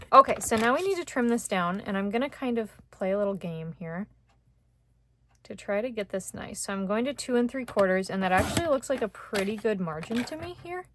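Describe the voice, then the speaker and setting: A woman teaching card making in a casual, chatty way, thinking aloud as she works and getting excited over small wins. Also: medium pitch. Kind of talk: casual craft tutorial chat.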